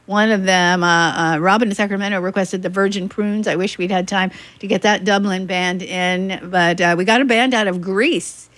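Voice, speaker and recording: A woman's voice: mid-range voice, fairly even intonation, moderate pace, few pauses, a bit bright, dry recording. A woman radio DJ in casual on-air chat, enthusiastic and reading listener messages. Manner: chatty and enthusiastic, reads listener messages aloud.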